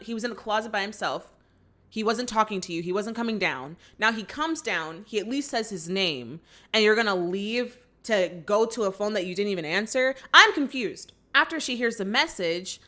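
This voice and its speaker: A woman with a medium-pitched, slightly bright voice hosts a movie reaction channel. She recaps a film in chatty storytelling, acting out quoted lines and filling her speech with lots of "like."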